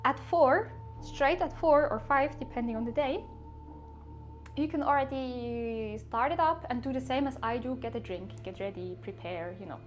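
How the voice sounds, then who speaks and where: A woman's voice: sits high, normal speed, faint music behind. A woman from Switzerland, chatting casually and rambling to her live-stream viewers, often laughing at herself.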